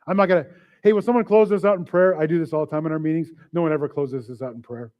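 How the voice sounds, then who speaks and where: A man's voice: on the high side, very fast, lo-fi sound. A man preaching a sermon as pastor, casual and joking, often acting out little voices and asides. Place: church service.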